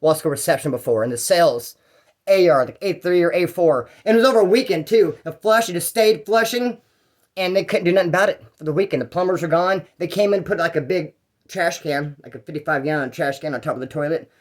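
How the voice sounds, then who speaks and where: Guy with a slightly higher voice rambling through a jail story, lots of slang and side notes. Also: fairly quick. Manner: rambling and slangy, with fillers and restarts. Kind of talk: casual first-person jail story.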